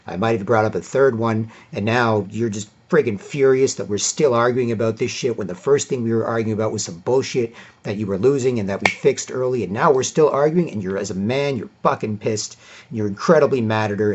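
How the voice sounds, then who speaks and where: A man voicing an argumentative young girlfriend in a high, whiny falsetto. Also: a little fast, muffled recording, slight background noise, lightly acted. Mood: rambling, conceding. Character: exasperated girlfriend, young woman, argumentative and needy.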